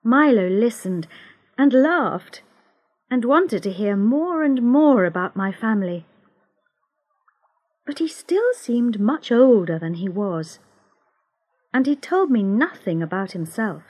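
A woman reading a storybook aloud, slow and careful, giving each character a voice. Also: fairly high pitch, expressive, a little mellow. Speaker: narrator. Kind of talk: scripted storybook narration.

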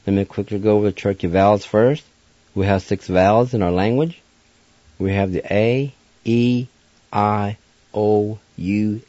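Male radio host and teacher, low mellow voice, slow and careful, dry and slightly dull sound. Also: no room sound. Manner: slow, deliberate, spells out letters. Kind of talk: language lesson.

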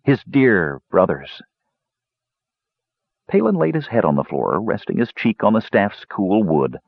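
A man narrating a fantasy audiobook in an expressive, dramatic reading. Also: lowish voice, a little slow, gravelly, husky, dry recording, lo-fi sound.

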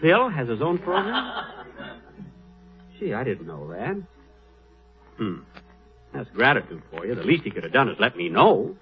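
A man hosting a scripted radio comedy, vain and easily wounded, drawing out comic pauses. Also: fairly low pitch, big pitch swings, faint music behind. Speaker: comedy show host. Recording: dull old radio recording with hiss.

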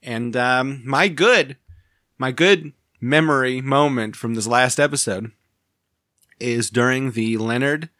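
A man co-hosting a podcast drifts from one story to the next and laughs at his own jokes as he goes. His voice sits at a middling pitch for a man. The sound is dry and close, with no room echo. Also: slow pace, bright, forceful tone. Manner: laughs often, rambling and self-amused. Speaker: podcast co-host. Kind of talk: casual podcast chat.

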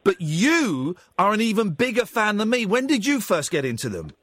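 A British radio host, talking to listeners in a chatty, excitable way. His voice sits high and swoops up and down as he talks. The studio sound is dry and close. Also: moderate pace, no room sound. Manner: chatty, excitable, laughs loudly. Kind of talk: casual radio chat.

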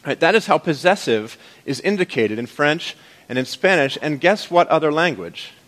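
A man's voice: a little high, lively intonation, normal speed, fairly bright tone. Man preaching a playful, conversational sermon. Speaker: pastor.

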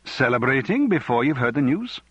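A man reading an audiobook, voicing a brisk party leader with a lilting Welsh accent. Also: medium pitch, big pitch swings, a bit bright, slightly rough, dry recording, dull audio, pitched above the performer's own voice. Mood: brisk, eager.

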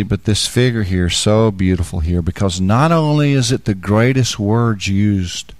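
A man giving a sermon, explaining scripture with homely examples and rising into loud, fervent preaching. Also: no echo. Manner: builds to loud, high-pitched fervent preaching. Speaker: Bible teacher.

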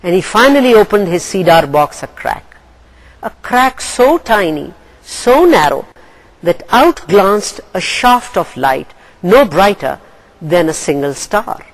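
Woman english teacher, slow and deliberate, voice goes up and down a lot. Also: medium pitch, poor audio. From Pakistan. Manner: slow, deliberate, expressive reading. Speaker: English lecturer. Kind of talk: lecture with story reading.

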